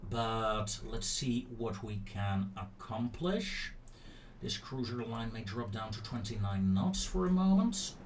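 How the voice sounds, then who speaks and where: A man's voice: lowish voice, expressive, takes it slowly, distant mic, slight background noise. A man commentating a naval strategy game, issuing clipped commands to his ships and grumbling when things go wrong. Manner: talks to his ships in clipped commands, growing openly annoyed.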